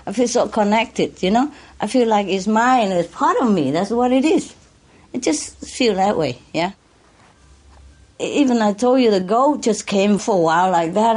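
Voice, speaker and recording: Earnest, emotional woman in casual talk. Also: medium pitch. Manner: earnest and emotional, halting with restarts and soft laughs. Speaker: interviewee addressed as master. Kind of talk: casual conversation.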